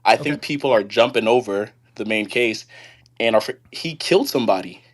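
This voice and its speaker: A man calling in to a live stream, earnestly telling a work story in casual conversation. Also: on the low side. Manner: earnest, recounting a story, pauses and restarts. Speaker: caller. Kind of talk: casual call-in chat.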